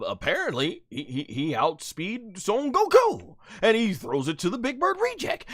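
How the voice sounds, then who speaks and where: A man breaks down an anime episode in a live review, animated and exasperated, repeating himself for emphasis. His pitch swings widely up and down. The sound is dry and close, with no room in it. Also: no room sound.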